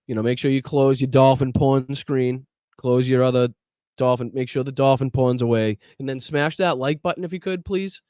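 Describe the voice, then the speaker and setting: A man's voice: medium pitch, fairly even intonation, moderate pace, mellow, clear, resonant tone, no echo, studio quality. A man hosting a political podcast livestream, talking bluntly and profanely while reacting to clips and greeting chat. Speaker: podcast host.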